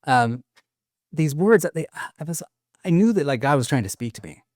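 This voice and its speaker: A man's voice: a little high, lively intonation, normal speed, a little mellow, no echo. Earnest rambling man, dry close sound. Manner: earnest, rambling with many restarts and fillers. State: choked up with emotion. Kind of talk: emotional testimony in casual conversation.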